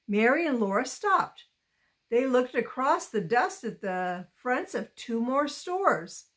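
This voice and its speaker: A woman reading a children's novel aloud chapter by chapter, slow and careful with expressive touches. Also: a little high. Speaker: storybook reader.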